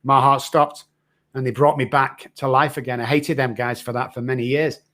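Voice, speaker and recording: A middle-aged podcast guest with a somewhat bright, mid-range voice speaks at a moderate pace with little pitch movement. As a recovery expert, he gives an earnest, raw, frank account of his own hard story.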